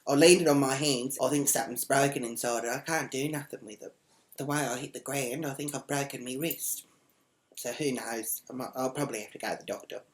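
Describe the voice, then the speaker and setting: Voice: mid-range voice, fairly even intonation, fairly quick, lightly acted. A comedian playing a brash, foul-mouthed woman who rambles and swears bluntly in a comedic character vlog.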